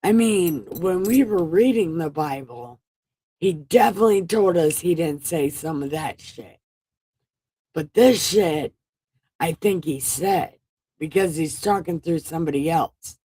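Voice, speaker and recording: Irreverent, slow-talking woman reading Scripture. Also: fairly low pitch, animated, warm tone, husky, no echo. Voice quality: irreverent, joking, swears and laughs between verses. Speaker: livestream Bible reader. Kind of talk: casual bedtime Bible reading livestream.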